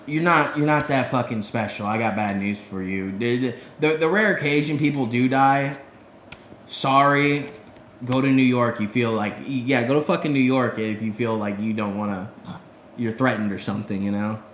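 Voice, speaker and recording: A man co-hosting a podcast, telling stories in a casual, profane, animated way. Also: medium pitch, moderate pace, reverberant, a little hiss or hum. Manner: profane, animated storyteller, heavy swearing. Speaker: podcast co-host. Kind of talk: casual storytelling chat.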